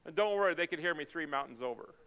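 A man preaching a sermon, moving from quiet, intense passages to loud, fervent pleading. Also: a little high, lively intonation, fast. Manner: swings from quiet intensity to shouted fervor. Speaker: pastor. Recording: dull sound with long reverb in a hall.

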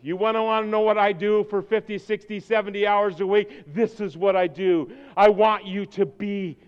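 Impassioned high-voiced male preacher. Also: fairly even intonation, normal speed, smooth, muffled recording. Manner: swings from quiet intensity to shouted exhortation. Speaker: pastor. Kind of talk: sermon. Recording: long hall reverb.

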